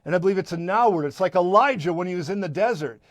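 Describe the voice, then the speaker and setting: Fervent, higher-voiced male broadcast preacher. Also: lively intonation, no room sound. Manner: fervent, emphatic, with quick asides and repetitions. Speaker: prophetic minister and broadcast host.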